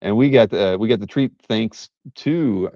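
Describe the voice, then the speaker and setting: A man's voice: on the low side, a little slow, dry recording, highs cut off. A man hosting a live art-sale stream, chatting casually and rambling with many restarts.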